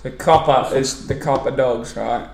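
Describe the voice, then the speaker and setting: A man's voice: mid-range voice, measured pace, creaky, a crowd in the background. A man hosting a podcast, asking curious questions in casual banter. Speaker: podcast host. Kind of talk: casual chat. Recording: roomy echo.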